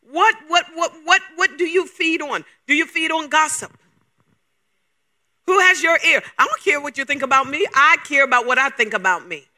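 Male preacher with a very high, bright, forceful voice and an emphatic question-heavy delivery. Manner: emphatic, fires rapid rhetorical questions. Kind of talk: sermon.

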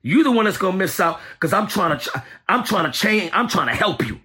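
Brief: male preacher, high bright voice, emphatic and repeating himself for effect. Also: a little fast. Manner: emphatic, repetitive, animated. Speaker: apostle teaching deliverance ministry. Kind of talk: preaching sermon.

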